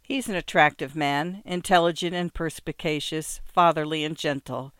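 A man narrating an audiobook in a measured, wry storytelling manner. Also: on the high side, a bit bright, clear, resonant tone, dry recording. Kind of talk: scripted narration.

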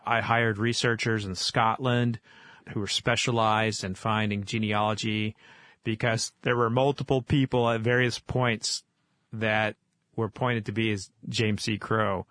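A man from Oklahoma, a guest in an interview, telling stories in a casual, animated way with many fillers. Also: on the low side, a little slow, dry recording, clean studio sound. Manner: animated storyteller, lively with fillers. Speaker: guest, whiskey author.

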